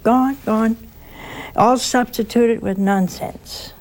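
A woman's voice: on the high side, fairly even intonation, takes it slowly, a little mellow. A woman preaching an informal sermon full of stories, plain-spoken, sometimes dropping to a whisper for emphasis. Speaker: religious speaker.

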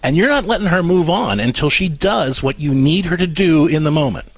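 A man's voice: a little high, animated, a little fast, no room sound. A man co-hosting a call-in radio show, earnestly coaching a parent step by step and acting out what to say.

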